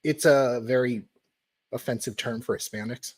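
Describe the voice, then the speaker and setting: A woman's voice: a bass voice, normal speed, husky. A woman co-hosting a live stream, stubborn and joking as she argues a point. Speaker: stream co-host. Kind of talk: casual live-stream chat.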